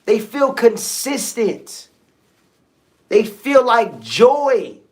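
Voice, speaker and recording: A medium-pitched, slightly mellow voice with a sing-song lilt and drawn-out words. It belongs to a host delivering a casual motivational talk on a livestream, repeating key phrases and frequently checking in with listeners.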